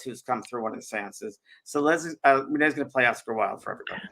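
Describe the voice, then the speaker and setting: A man hosting a live talk show, telling a personal story in an animated way with frequent restarts. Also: mid-range voice, fast, gravelly. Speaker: host.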